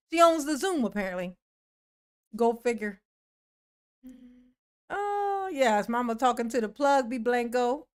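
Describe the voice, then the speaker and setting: A young woman hosts a casual livestream and chats with viewers in a slightly high voice. She talks slowly and drawls her replies, with many "yes, honey" asides. She is playful and laughs often as she reads out names. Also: expressive, clean tone. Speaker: livestream host. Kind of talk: casual livestream chat, reading and answering a live chat.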